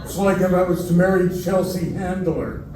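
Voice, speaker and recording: A man's voice: sits high, moderate pace, very noisy. An older man doing a stand-up comedy set in a club, with wry, self-mocking punchlines. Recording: roomy club audio from far off. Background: laughing crowd.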